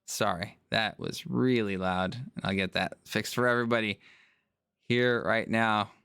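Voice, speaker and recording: A man commenting on a sim racing stream live, chatty and quick to apologize and laugh at himself. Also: lowish voice, fairly even intonation, pushed and bright, soft background music. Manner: apologetic, self-deprecating, chatty.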